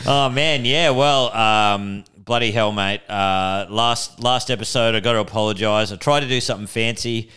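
Young aussie bloke, lowish voice but bright and crisp, laid-back podcast banter. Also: male voice, a little slow. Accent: Australian. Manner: laid-back, chatty, swearing. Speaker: podcast co-host. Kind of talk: casual comedic chat.

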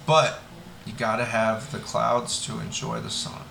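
A man's voice: lowish voice, little pitch movement, measured pace, sharp tone. A man co-hosting a podcast, teasing and laughing often in casual chat. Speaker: podcast co-host. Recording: roomy with clear background noise.

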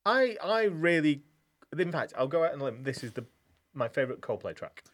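Guy on a pod, blunt crude jokes, lively pitch swings. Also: a little fast. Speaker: podcast co-host. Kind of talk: casual chat.

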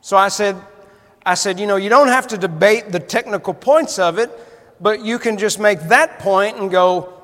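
In a large church hall that lends his words a long reverb, a male preacher with a high-pitched voice for a man shares a folksy, storytelling sermon that swells into fervent emphasis. He talks at a normal speed, with a slightly bright tone.

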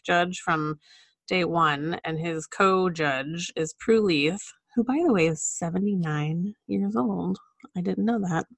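Woman, podcast co-host, casual storytelling, lowish voice, dry sound. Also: no room sound. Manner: relaxed storytelling, sharing facts with soft laughs. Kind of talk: casual chat.

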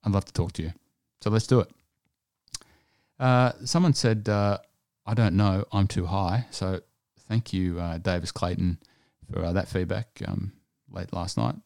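A deep-voiced man from Scotland, talking through his podcast plans on his own. He rambles keenly and leans on lots of fillers. The sound is dry and close, with no room echo. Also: a little slow, creaky, darkish tone. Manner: rambling, enthusiastic, many fillers. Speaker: podcast host. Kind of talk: casual solo podcast chat.

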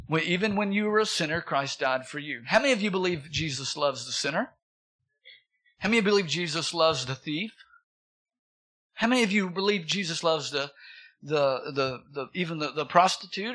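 Bright-voiced preaching man. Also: a little high. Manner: animated preaching, repeats words for emphasis, asks the congregation questions. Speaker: pastor. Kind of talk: sermon.

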